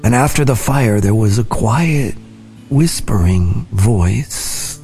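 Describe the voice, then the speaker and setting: Slow, deep-voiced male scripture reader. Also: animated. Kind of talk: scripted Bible reading. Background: soft guitar music.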